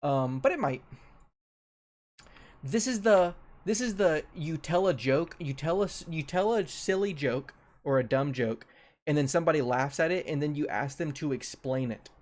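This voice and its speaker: Young male streamer, slightly high voice, casual repetitive commentary. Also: expressive, moderate pace, darkish tone. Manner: repeats his phrases, loose and offhand. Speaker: streamer ranking a tier list.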